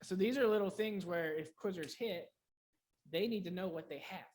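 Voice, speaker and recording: Lively man teaching a quiz clinic. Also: high voice, normal speed. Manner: energetic, restarts often, quizzes the room with example questions. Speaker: quiz coach leading a clinic. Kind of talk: coaching workshop talk.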